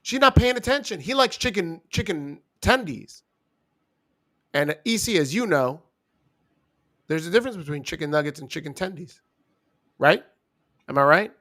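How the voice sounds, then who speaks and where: A young man with a fairly high voice co-hosts in loose, joking podcast banter. He teases his partner and keeps the talk animated. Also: normal speed, long pauses. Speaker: wrestling review co-host.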